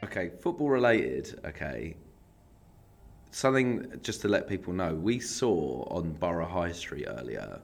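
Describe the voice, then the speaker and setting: A man's voice: sits low, measured pace, creaky, soft background music. A man co-hosts a podcast in easygoing chat, his voice rising and falling a lot as he teases his co-host. He laughs often and keeps the tone light. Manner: teasing, laughs often, lively intonation. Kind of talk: casual chat.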